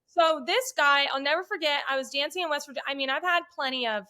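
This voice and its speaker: A woman's voice: sits high, fast talker. A woman, a podcast guest, telling casual stories bluntly and with lots of swearing, acting out the voices of the people in them. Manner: blunt, profane, animated retelling with quoted voices. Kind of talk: casual storytelling chat.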